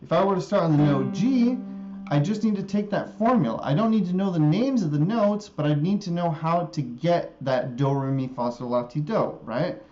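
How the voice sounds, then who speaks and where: A man teaching guitar music theory in a live stream, slowly repeating a scale formula and often checking in with an "okay?". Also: fairly high pitch, expressive, mellow, muffled recording. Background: guitar playing.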